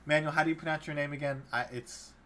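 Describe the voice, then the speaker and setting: A man's voice: fairly high pitch, steady tone, fast, bright, forceful tone. A man running a tabletop game as dungeon master, narrating loosely with many fillers and restarts. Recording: faint background noise.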